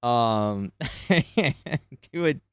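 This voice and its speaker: A man's voice: medium pitch, expressive, extremely slow, clear, resonant tone, dry recording, studio quality. A man streaming a video game, chatting casually with viewers. He giggles often and pokes fun at himself. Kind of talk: casual gameplay commentary.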